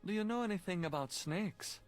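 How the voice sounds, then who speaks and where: A man's voice: sits high, animated, a little fast, soft background music. An actor playing an investigator in a mystery game, posing as a priest while he asks pointed questions. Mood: probing. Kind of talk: voiced game dialogue.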